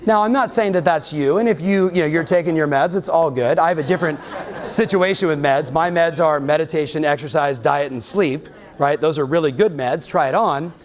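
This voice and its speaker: A man giving an energetic motivational keynote to a live audience, often firing questions at the crowd. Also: a little high, brisk. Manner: energetic, keeps quizzing the audience. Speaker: real estate coach and keynote speaker. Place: live event in front of an audience.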